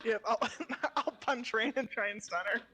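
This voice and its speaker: A woman's voice: a little high, normal speed, bright, forceful tone, husky, low-quality recording. A woman playing a tabletop game, speaking matter-of-factly. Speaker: player.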